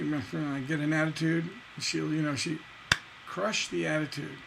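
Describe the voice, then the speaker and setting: Middle-aged guy teaching songwriting, kinda high voice, punchy, sings bits of lyrics, faint hum behind. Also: normal speed, creaky. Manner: lively, emphatic teaching, sings and recites lyric lines. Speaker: songwriting instructor. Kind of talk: livestream songwriting lesson.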